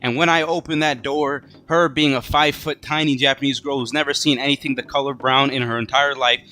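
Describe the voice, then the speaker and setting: A man, a vlogger, telling a casual story to the camera in an animated, profane, self-mocking way. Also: mid-range voice, brisk.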